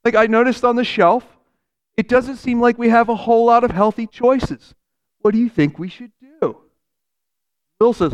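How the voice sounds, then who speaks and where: A man's voice: very high voice, normal speed, long pauses, highs cut off. A male pastor preaching a sermon, telling a story and voicing its characters. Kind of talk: sermon with acted-out parable.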